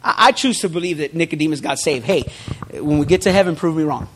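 A man's voice: fairly high pitch, fast. A man preaching a sermon to his congregation, building emphasis through repeated phrases and dropping in joking asides. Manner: emphatic preaching with rising, forceful repetitions. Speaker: pastor.

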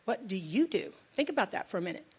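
A woman's voice: mid-range voice, big pitch swings, quick pace, breathy edge. A woman pastor giving a sermon in a conversational, storytelling way, repeating key lines for emphasis.

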